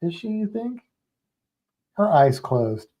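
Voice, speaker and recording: A man co-hosting a livestream, chatting casually and rambling with fillers. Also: high voice. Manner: relaxed, rambling, halting with fillers. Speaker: livestream co-host. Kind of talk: casual chat.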